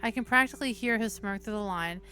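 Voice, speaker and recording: Here the woman streaming her visual novel reading talks fast at a medium pitch, faint music audible behind her. She narrates steadily but keeps breaking off for casual, profane asides.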